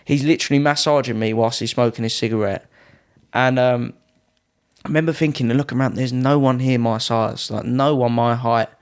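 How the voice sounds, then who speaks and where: A British Muay Thai fighter in his twenties, appearing as a podcast guest, tells casual anecdotes at a fairly quick pace. His mid-range voice is clear and resonant, and he's lively, acting out other people's lines in a raised voice.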